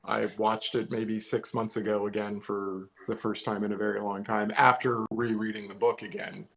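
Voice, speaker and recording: A man's voice: lowish voice, level tone, moderate pace, gravelly, poor audio. Thoughtful, hedging man in casual chat. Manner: thoughtful, hedging, weighs his opinions. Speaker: co-host. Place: home, remote live show during lockdown.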